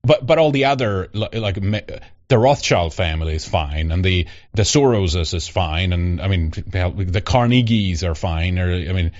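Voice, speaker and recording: A man's voice: sits low, moderate pace. Rambling sarcastic male podcast host. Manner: rambling, sarcastic, often laughing. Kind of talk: casual opinionated chat. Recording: dull lo-fi podcast audio.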